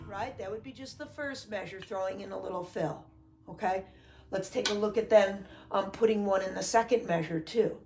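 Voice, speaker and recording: A woman's voice: mid-range voice, normal speed, heavy background noise. A middle-aged woman teaching a drum lesson in a casual way, checking in with a constant "okay?" and counting beats aloud. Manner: says "okay?" after most phrases, counts beats aloud.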